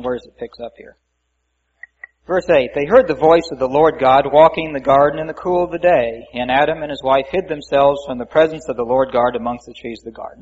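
A man's voice: medium pitch, darkish tone, husky. A man preaching a conversational Bible-teaching sermon, reading scripture aloud and adding folksy asides. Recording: muffled lo-fi recording.

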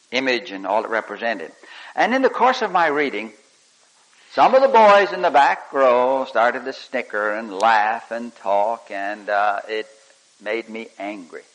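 Over poor audio, a man with a mid-range voice preaches a sermon, swinging between loud, emphatic lines and soft, hushed ones. He halts and restarts now and then while telling a story.

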